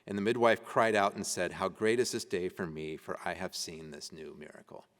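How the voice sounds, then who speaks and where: A man's voice: low voice, fairly even intonation, moderate pace, fairly bright tone. A man teaching an adult education class at a church, reading ancient texts aloud and talking them over casually. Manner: conversational, laughing while reading old texts aloud. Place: church meeting room. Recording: church hall reverb.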